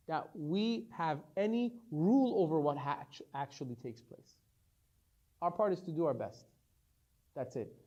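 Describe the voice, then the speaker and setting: A male rabbi teaches a Torah lesson in a high, very lively voice. He tells stories with animation and acts out each character's lines as he goes. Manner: animated storytelling, acts out dialogue.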